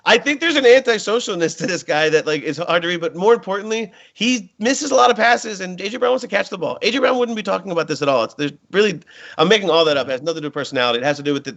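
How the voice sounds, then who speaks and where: A man's voice: high-pitched, a bit bright. A man co-hosting a football show, analyzing casually in a rambling, joking way with lots of fillers. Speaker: podcast co-host. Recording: muffled lo-fi audio.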